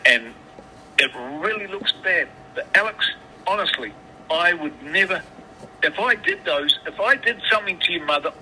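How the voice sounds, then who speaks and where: A man's voice: on the high side, bright, forceful tone. A man on a phone call, swearing often and stammering through restarts as he tells his side. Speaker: caller. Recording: phone line with background noise.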